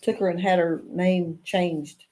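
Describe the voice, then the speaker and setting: A woman's voice: lowish voice, level tone, a little slow, dark tone, low-quality recording. An older woman, co-hosting a casual live stream in a chatty, plainspoken way. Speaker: co-host.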